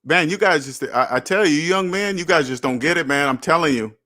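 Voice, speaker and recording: His voice sits on the high side, brisk, pushed and bright, as he answers chat during a casual livestream. The host is a man in his thirties or older who preaches bluntly at viewers and curses freely.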